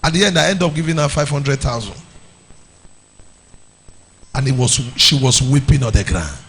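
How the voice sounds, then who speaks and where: A man with a Nigerian accent preaching to a youth meeting, animated, slipping into pidgin and shouting or sing-song lines. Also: mid-range voice, normal speed, husky.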